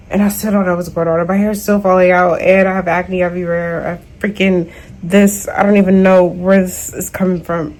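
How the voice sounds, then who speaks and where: A woman's voice: lowish voice, a little mellow, slight background noise, low-quality recording. A young woman venting in a casual video diary, stressed and worn out, exasperated and slangy as she talks to her camera at home. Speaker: vlogger.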